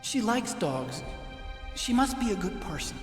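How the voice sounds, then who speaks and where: Jittery meek game scientist, lively pitch, roomy, music behind. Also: male voice, a little slow. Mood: pleading. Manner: anxious, pleading. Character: nervous timid young male scientist, meek. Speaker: game character.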